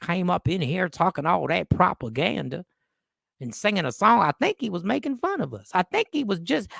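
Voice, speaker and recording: A man's voice: high-pitched, creaky, fairly bright tone, no room sound, studio quality, full character voice. A man voicing a bigoted Texan bar regular with an exaggerated put-on Southern drawl.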